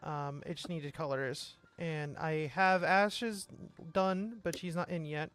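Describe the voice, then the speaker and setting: A man's voice: fairly high pitch, fairly even intonation, takes it slowly, fairly bright tone, smooth, faint music behind. A man streaming a game jam, chatting casually with friends and rambling with lots of fillers. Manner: rambling, full of fillers and restarts. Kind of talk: casual chat with friends on a voice call.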